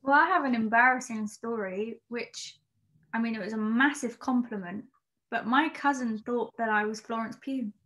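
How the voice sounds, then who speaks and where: A young British woman speaking in a slightly high voice as a podcast guest. She talks softly and modestly, often trailing off mid-thought. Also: normal speed. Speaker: actress guest. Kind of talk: casual interview chat.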